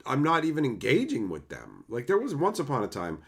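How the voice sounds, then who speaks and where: A man chatting casually on a livestream and answering chat, animated and swearing freely in loose run-on asides. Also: medium pitch, fairly quick, gravelly. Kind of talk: casual live-stream chat.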